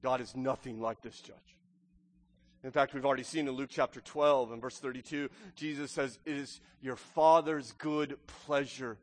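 A man preaching a sermon as pastor, animated and acting out little voices, often checking in with "right?". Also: medium pitch, normal speed, in a large hall. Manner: animated, acts out voices, keeps asking "right?".

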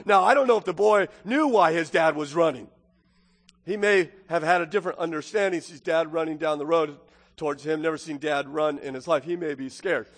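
High-voiced man preaching in a reverberant hall. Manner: dynamic preaching, swinging from booming to hushed. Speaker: pastor. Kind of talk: sermon.

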